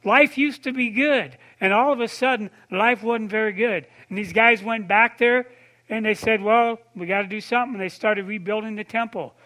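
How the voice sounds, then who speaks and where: A man preaching a sermon in a conversational way, asking his listeners questions and dropping to a soft, low voice for tender points. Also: moderate pace. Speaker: pastor.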